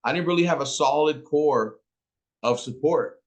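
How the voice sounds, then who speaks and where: A man in his forties telling a personal story about his late mother, slow and emotional, with some street slang. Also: a little high. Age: 40s. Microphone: interview.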